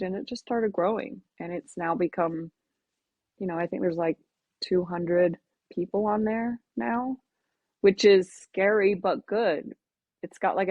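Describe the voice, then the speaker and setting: A lower-pitched woman speaks in casual interview chat, earnest and reflective with a halting flow. The sound is dry and close. The audio is dull and lo-fi. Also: no echo. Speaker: podcast guest, melanoma advocate.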